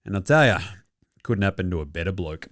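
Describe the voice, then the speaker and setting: A man's voice: low voice, expressive, a little fast, heavy background noise. A young adult man with an Australian accent hosting a casual basketball commentary show, mocking and swearing freely with frequent chuckles. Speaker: basketball podcast host.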